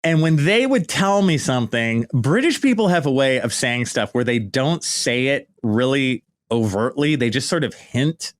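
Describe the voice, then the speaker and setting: A man's voice: medium pitch, lively intonation, normal speed, few pauses. A middle-aged American man talks into a podcast mic in a loose, unscripted monologue. His delivery is lighthearted and chatty, and he keeps tossing in "right?" and "you know" while he tells his story. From United States. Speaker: podcast host. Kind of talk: casual reminiscing monologue. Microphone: podcast microphone.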